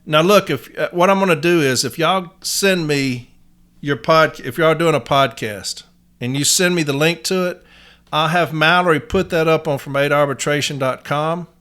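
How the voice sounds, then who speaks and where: Folksy Southern man, smooth voice. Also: a little high, moderate pace, a bit bright. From Nashville, Tennessee. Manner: blunt, folksy, uses y'all. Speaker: podcast host. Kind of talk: casual podcast monologue.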